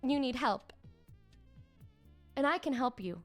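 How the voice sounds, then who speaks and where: A woman voicing a pushy, smooth-talking female street psychic in a low, hushed, knowing drawl. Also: expressive, takes it slowly, soft background music, heavily acted. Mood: persuasive.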